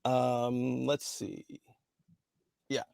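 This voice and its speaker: A man, a voice actor guest, chatting in an animated, playful way during an interview. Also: medium pitch, extremely slow, gravelly, clean tone, no echo, studio quality. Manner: animated, laughing, playful storyteller. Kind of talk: casual interview chat.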